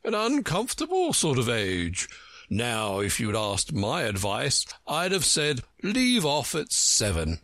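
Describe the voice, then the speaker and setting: A man's voice: mid-range voice, huge pitch swings, slow pace, a bit bright, dry recording, clean studio sound, full character voice. A man voicing a pompous, touchy male know-it-all from a storybook who lectures everyone he talks to. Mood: lecturing. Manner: self-important, lecturing.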